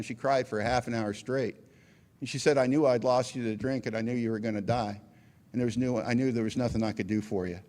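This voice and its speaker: A middle-aged American man telling his recovery story at a meeting, earnest and self-deprecating, with acted quotes. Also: medium pitch. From United States.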